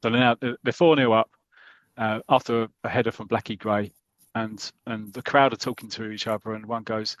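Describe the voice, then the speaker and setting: A man hosting a podcast, retelling a comic story in casual chat, animated, often repeating himself and acting out the characters' lines. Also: fairly low pitch, moderate pace, no echo, rough recording.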